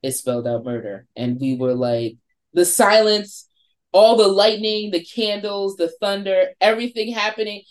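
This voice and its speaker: A woman in her forties from New York, her pitch sitting in an ordinary middle range, spins a spooky story as a podcast guest. She talks in a lively way, swears freely and acts out her friends' voices. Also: normal speed. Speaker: podcast guest, wine shop owner.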